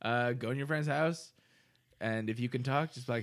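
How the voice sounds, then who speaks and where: A young man co-hosts a casual drinking podcast, loose and tipsy, laughing and swearing through the banter. His voice sits at medium pitch and he talks at a normal speed.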